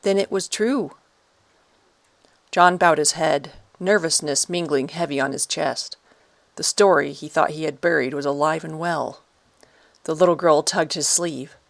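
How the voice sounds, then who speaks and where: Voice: mid-range voice, creaky, a bit bright, no echo. A narrator reading a dramatic story aloud in scripted audiobook narration on a close studio mic.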